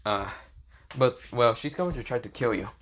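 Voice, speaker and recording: A man's voice: medium pitch, normal speed, fairly bright tone, slight background noise, close to an everyday voice. A man voicing a pouty, teasing young woman in a casually read fan story, her voice lifted only slightly above his own. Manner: pouty, playful, easily flustered.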